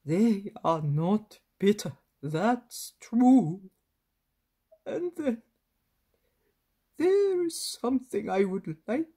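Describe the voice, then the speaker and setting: A tearful old peasant grandfather, put on by a woman reading aloud, begging in a high, strained, breathy voice that climbs sharply as he pleads. The delivery is slow and heavy with feeling. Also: warm tone, heavily acted. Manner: tearful and imploring.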